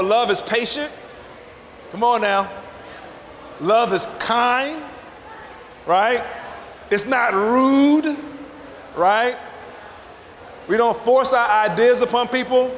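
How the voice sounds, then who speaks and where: A vegan chef from the Southern United States speaks at a festival, giving a motivational talk that works the crowd like a preacher with call-and-response energy. His high, fairly bright voice rings through a large indoor hall with long, roomy reverb and a faint hiss underneath.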